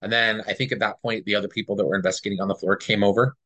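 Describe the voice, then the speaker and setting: A man's voice: lowish voice, flat delivery, rapid-fire, bright, forceful tone, dry recording. A man co-hosting a podcast, earnestly telling a personal story in a rambling, casual way and often checking in with "right?". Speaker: podcast co-host.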